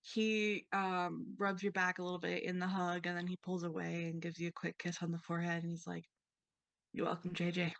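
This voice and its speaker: A woman's voice: on the low side, monotone, brisk, vocal fry, hardly any pauses, fairly bright tone, no echo. A woman game master narrating a tabletop roleplay in a rambling way, full of fillers.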